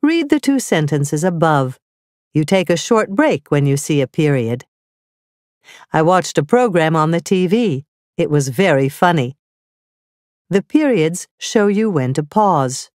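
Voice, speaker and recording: A woman narrating a scripted grammar lesson, reading slowly and carefully with clearly spelled-out examples. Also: sits low, very animated, a little mellow, no room sound, studio quality. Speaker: teacher.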